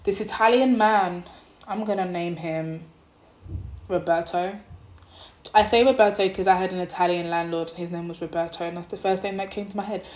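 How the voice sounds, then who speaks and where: Young woman, vlogger, animated storyteller, roomy echo. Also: fairly low pitch, moderate pace. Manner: animated, acts out the people in her story. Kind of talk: casual storytelling vlog.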